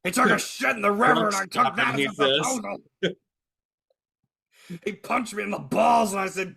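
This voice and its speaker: A man's voice: sits high, expressive, normal speed, gravelly, long pauses, pushed and bright, slightly rough. A man, a podcast co-host, joking crudely and teasing his partner in casual banter. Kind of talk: casual chat.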